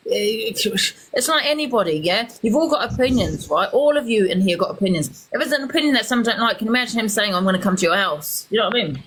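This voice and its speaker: A woman's voice: mid-range voice, fairly bright tone, a little hiss or hum, rough recording. Indignant woman hosting a live stream. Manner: indignant, emphatic, repeats herself. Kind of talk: heated live stream chat.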